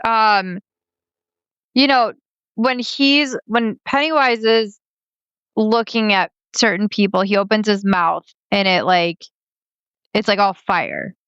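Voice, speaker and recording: A woman in a casual podcast chat, asking a question in a slow, searching way. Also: medium pitch, fairly even intonation, fairly bright tone, smooth, no room sound, highs cut off.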